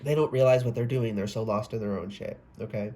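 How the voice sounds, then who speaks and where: A man's voice: fairly low pitch, fairly even intonation, a little fast, mellow, a little hiss or hum. A man giving a casual, rambling tarot reading, often breaking off mid-sentence, swearing and exclaiming. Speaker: tarot reader.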